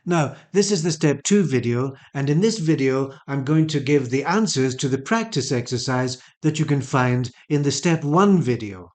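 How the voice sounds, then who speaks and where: A man teaching English pronunciation, saying each model word slowly and carefully, often twice. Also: mid-range voice, expressive, darkish tone. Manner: careful, patient, clear articulation of each word. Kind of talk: slow, deliberate teaching with repeated model words.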